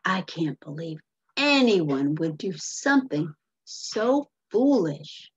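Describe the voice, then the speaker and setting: A woman's voice: on the low side, big pitch swings, slow pace, slight background noise. A woman voicing a scornful, disapproving storekeeper in a storybook with emphatic declarations, on a muffled lo-fi recording.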